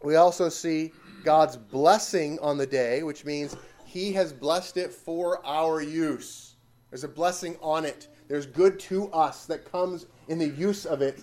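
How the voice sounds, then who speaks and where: Man with a fairly high voice, Bible teacher, emphatic, drives points home with repetition. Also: unhurried, a little mellow. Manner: emphatic, with rhetorical questions and repetition. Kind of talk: catechism teaching.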